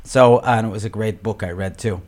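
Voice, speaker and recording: A man's voice: fairly low pitch, fast, a little mellow. A man hosting a radio show about entrepreneurship, chatty and upbeat, with small jokes. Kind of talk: radio interview.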